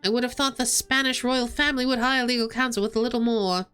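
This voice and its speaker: A woman's voice: a little high, fairly even intonation, fast, fairly bright tone, smooth, faint music behind, close to an everyday voice. A woman voicing a proud male bird lawyer who speaks in a theatrical, indignant way. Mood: pompous.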